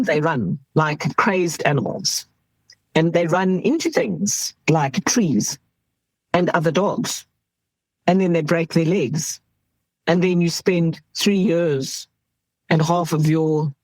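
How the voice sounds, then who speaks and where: A woman's voice: sits low, slow, dry recording, poor audio. A middle-aged woman from South Africa, an emergency doctor, telling candid stories in an interview and laughing as she goes.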